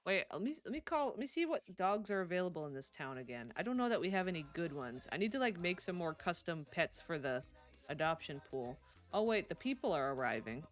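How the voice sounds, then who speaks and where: A woman streaming a life-sim game, chatting casually and laughing often as she answers her chat. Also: on the low side. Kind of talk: casual live-stream chat while playing.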